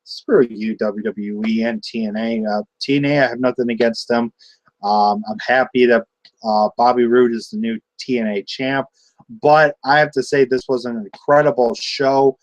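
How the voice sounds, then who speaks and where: A young man giving a casual, rambling solo review of a wrestling show, excitable and full of fillers and restarts. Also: medium pitch, normal speed, no room sound, rough recording.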